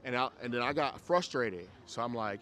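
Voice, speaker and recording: A man's voice: mid-range voice, animated, normal speed, pushed and bright, slight background noise. A man with a Chicago accent teaching a dog training group class, talking casually and bluntly, swearing and checking that people follow him.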